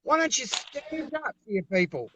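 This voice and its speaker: A man's voice: very high voice, very animated, normal speed, crowd noise. An Australian man speaking over a video call as an interview guest, giving fiery, emphatic political talk and repeating himself when worked up.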